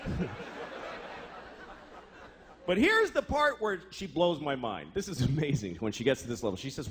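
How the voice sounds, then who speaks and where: Lively, profane male stand-up comedian. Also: fairly high pitch, moderate pace, long pauses, slight background noise. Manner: profane, exasperated storytelling. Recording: live show with audience laughter. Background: crowd laughter.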